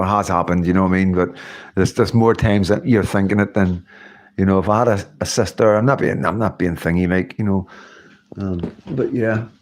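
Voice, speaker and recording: A middle-aged man hosting a casual livestream, chatting in a rambling way and laughing often. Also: fairly low pitch. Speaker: livestream host. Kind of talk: casual live-stream chat.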